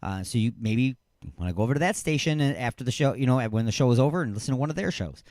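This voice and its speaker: A man hosting a live radio talk show, plugging his station in a loose, rambling way with playful jokes, swinging from loud hype to mumbled asides. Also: medium pitch, animated, racing, no echo, clean studio sound. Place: radio studio.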